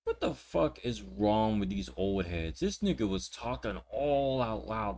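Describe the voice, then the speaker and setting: Young man, reaction host, indignant rant, profane, low-pitched voice, repeats himself. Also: very animated, unhurried, hardly any pauses, a little mellow. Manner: repeats words and restarts sentences. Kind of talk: reaction commentary.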